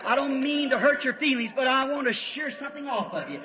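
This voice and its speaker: A man preaching a fiery revival sermon in folksy, storytelling words, swelling to shouts. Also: very high voice, animated, a little fast, noisy background. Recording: old lo-fi tape, long hall reverb.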